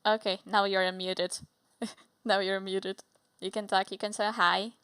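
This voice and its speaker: A woman's voice: medium pitch, little pitch movement, unhurried, fairly bright tone, clean tone, no echo. A young woman, a native Polish speaker with a Polish accent, chatting casually on a livestream, giggly and bubbly with playful swearing. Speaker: streamer.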